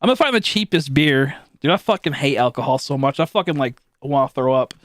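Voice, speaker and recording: A man's voice: medium pitch, lively intonation, a little fast, no room sound, studio quality. A young man streaming live, chatting casually and rambling with lots of swearing, fillers and restarts while he thanks viewers.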